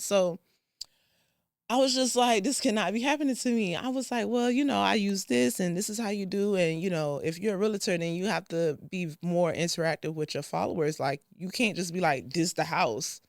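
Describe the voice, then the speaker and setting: A young woman vlogger telling a dating story in a casual, profane, animated way, acting out both sides. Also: fairly low pitch, normal speed, no echo, clean studio sound.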